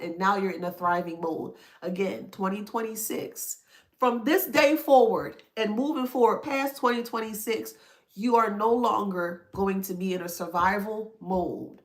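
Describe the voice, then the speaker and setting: A woman's voice: mid-range voice, fairly bright tone. A woman giving a spiritual self-help talk to her viewers. She talks emphatically, in a preachy way, repeats points and checks in with "that makes sense?". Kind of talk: motivational talk to camera.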